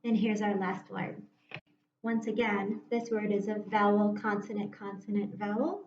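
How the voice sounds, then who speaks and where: A woman teacher giving a slow, patient phonics lesson to young children, sounding words out and inviting them to read along. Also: mid-range voice, a little mellow, slight background noise. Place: room at a whiteboard. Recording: echoey room, dull muffled sound.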